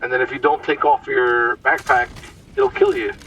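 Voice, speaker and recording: A man's voice: mid-range voice, huge pitch swings, moderate pace, a bit bright, recorded from a distance, slight background noise, rough recording. A man giving casual, explanatory commentary over his gameplay, sometimes stumbling over words.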